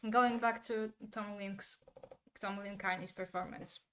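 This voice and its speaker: A woman giving her candid opinions in a casual monologue, turning animated when she imitates actors' delivery. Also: mid-range voice, unhurried, a little hiss or hum. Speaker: commentator.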